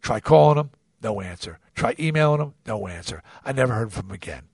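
A man hosting a podcast, telling a personal story in an animated way, often restarting and repeating words. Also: mid-range voice, fairly quick, vocal fry, breathy edge, no echo, studio quality. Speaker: podcast host. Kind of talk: confessional storytelling.

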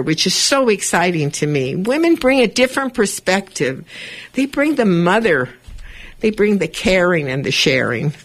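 A woman hosting a community radio show from the studio, talking to listeners in an animated, self-affirming, chatty way. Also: low-pitched.

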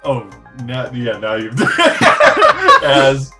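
A man's voice: mid-range voice, wildly swooping pitch, very slow, over loud music. A man playing a tabletop game, chatting casually with a giggly, joking manner. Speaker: player.

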